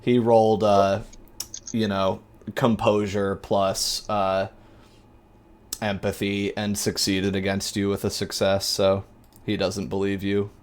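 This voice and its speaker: A man narrating as game master, talking in a relaxed, halting way. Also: on the low side.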